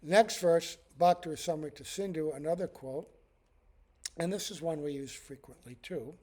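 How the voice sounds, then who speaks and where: A man's voice: a little high, normal speed, mellow. A man, a monk, giving a devotional scripture class in a conversational way, chuckling often and using many fillers.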